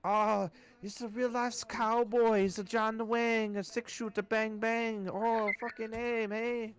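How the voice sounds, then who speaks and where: Rowdy drunk skinhead guys, squeaky-high and slow, boisterous, as a man puts them on. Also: little pitch movement, a little hiss or hum. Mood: gleeful. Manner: boisterous, mocking, drawn-out. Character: rowdy drunk German skinhead men, gleeful.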